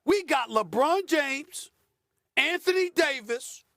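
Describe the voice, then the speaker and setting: A man's voice: extremely high pitch, animated, takes it slowly, sharp tone, no echo, studio quality. A man hosting a sports debate show, boisterous and theatrical, repeating phrases for emphasis. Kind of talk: loud animated sports debate. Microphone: remote studio feed.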